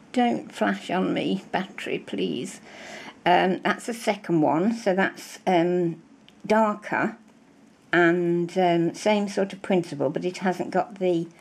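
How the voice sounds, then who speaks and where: Slow, gravelly older British woman. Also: fairly low pitch, a little mellow, a little hiss or hum. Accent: British English. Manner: chatty, effusive, rambling with many fillers. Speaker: crafting vlogger. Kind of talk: casual show-and-tell chat.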